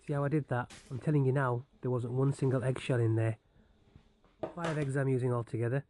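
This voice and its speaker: A man's voice: medium pitch, steady tone, brisk, warm tone. Young bloke chatting thru his cooking, cracking jokes at himself, camera in hand in the kitchen, bit of faint noise. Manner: jokey, self-mocking running commentary. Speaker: home cook vlogger. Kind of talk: casual cooking narration. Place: home kitchen. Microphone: handheld camera.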